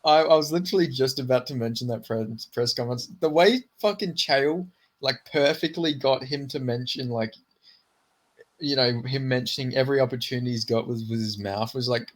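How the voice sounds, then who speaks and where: Man, mid-pitched voice, casual podcast co-host, swears, laughs while telling stories. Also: brisk. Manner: profane, laughing, storytelling. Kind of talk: casual chat about MMA.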